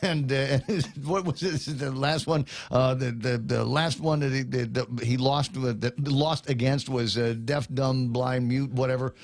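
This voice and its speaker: A man's voice: mid-range voice, steady tone, a little slow, gravelly, few pauses. A middle-aged man hosting a morning radio show, chatting casually, rambling with lots of fillers and restarts.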